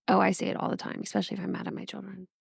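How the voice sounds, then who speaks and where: A woman's voice: mid-range voice, completely flat delivery, rapid-fire, gravelly, husky, dry recording, clean studio sound. A woman from Northern Virginia co-hosting a podcast in casual, chatty talk, laughing often. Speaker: podcast co-host. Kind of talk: casual chat.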